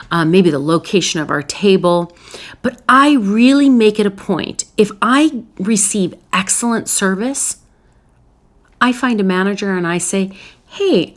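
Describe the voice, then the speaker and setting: A woman psychologist hosting a solo advice talk, speaking earnestly and telling stories from her own life, with some restarts along the way. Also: medium pitch. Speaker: psychologist host.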